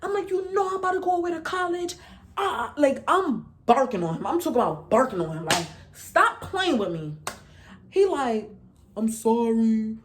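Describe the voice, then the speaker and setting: Brief: twenties woman, New York accent, vlog storytime, slangy and animated, voice sits a bit high. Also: moderate pace, slight background noise. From New York City. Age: 20s. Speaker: vlogger. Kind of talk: casual storytime.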